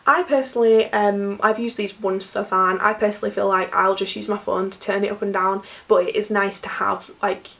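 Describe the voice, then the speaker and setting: A young woman talks casually through an unboxing, her voice croaky from a cold with a gravelly edge. She chats in a loose, filler-heavy way. She sits a little back from the microphone. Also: medium pitch, steady tone, a little fast, hardly any pauses, fairly bright tone, recorded from a distance. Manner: chatty, filler-heavy, laughs often. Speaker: vlogger.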